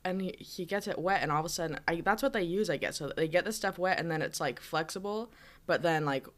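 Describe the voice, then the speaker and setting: A woman's voice: fairly low pitch, fast talker. A woman in her twenties from the United States, a teacher, telling a rambling story in casual chat with lots of fillers. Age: 20s.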